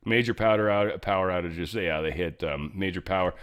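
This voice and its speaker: A man's voice: low-pitched, a little fast, a bit bright, clear, resonant tone. A middle-aged man hosting a casual political news commentary show, sarcastic and rambling, swearing freely as he reacts to headlines. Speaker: host.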